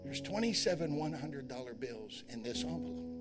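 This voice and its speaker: A man's voice: medium pitch, animated, normal speed, loud music behind the voice. A man preaching a sermon, telling folksy personal stories and urging his listeners on with fervent exhortation. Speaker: evangelist preacher. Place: church men's conference.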